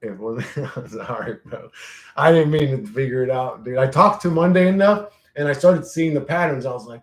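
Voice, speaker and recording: A man's voice: mid-range voice, normal speed. A man casually chatting on a livestream, reading chat aloud, laughing often and swearing freely as he jumps from topic to topic. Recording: roomy echo.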